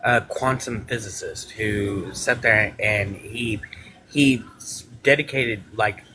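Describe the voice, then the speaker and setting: Bright-voiced low man rambling on stream. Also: slow pace, slight background noise, low-quality recording. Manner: rambling, filler-heavy, opinionated. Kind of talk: casual live stream debate.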